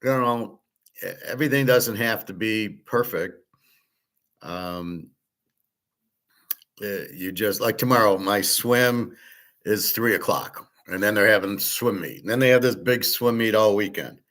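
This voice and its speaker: A middle-aged man hosts his own show, rambling through a loose, digressive monologue packed with restarts and filler words. His voice sits lowish, with a fairly bright tone, and he takes his time.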